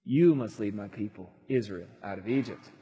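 God speaks in a deep, slow, hushed voice, as a preacher acts him out, solemn and sure of himself. The voice is a little husky. It rings with a long reverb, as if in a large hall. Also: male voice. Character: God, a calm, commanding divine male voice.

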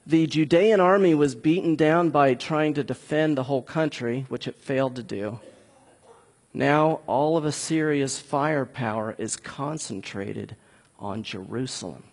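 A man preaching a conversational, animated sermon, speaking directly to his congregation. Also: mid-range voice, slightly rough, long reverb tail. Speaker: pastor.

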